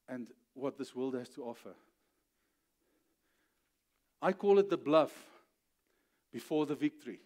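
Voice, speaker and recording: A man preaching a sermon as pastor, telling the story with animated, acted-out voices, often checking in with "okay?" and building to emphatic peaks. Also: mid-range voice.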